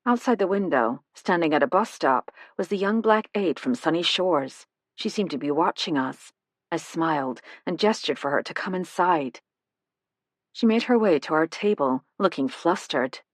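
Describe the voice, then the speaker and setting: Low-voiced woman narrating an audiobook. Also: animated, normal speed, no echo. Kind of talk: scripted first-person narration.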